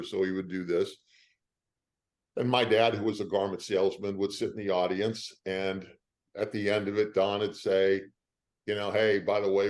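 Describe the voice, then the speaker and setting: An older man, an actor, telling stories in an interview with a lively, emotional delivery. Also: sits low. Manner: lively storyteller, emotional at times. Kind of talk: animated anecdotes.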